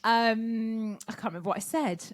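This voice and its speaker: A woman's voice: fairly high pitch, fairly even intonation, moderate pace. A woman co-hosting a podcast in casual chat, teasing, bossy and swearing freely. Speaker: podcast co-host.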